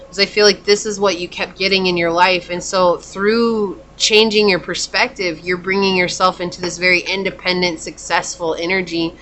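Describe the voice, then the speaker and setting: A woman giving a pick-a-card tarot reading in a chatty, reassuring and enthusiastic way, murmuring soft questions while she draws cards. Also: lowish voice, rough recording. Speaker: tarot reader.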